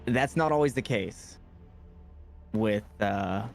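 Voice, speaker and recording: A man playing a courteous halting adventurer. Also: lowish voice, creaky, faint music behind. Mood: polite. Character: courteous adventurer praising a goblin.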